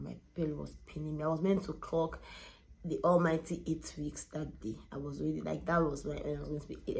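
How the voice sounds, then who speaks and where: Young woman, low pitched, a bit of fry, emotional first-person storytelling. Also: a little mellow, a little hiss or hum. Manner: candid, emotional, retelling with quoted dialogue. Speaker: vlogger.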